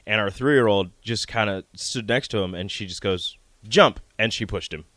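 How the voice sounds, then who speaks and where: Lively young-dad male co-host, low voice. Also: moderate pace, dry recording. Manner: animated storyteller, acts out his kids' voices. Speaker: radio co-host. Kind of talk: casual radio chat. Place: radio studio.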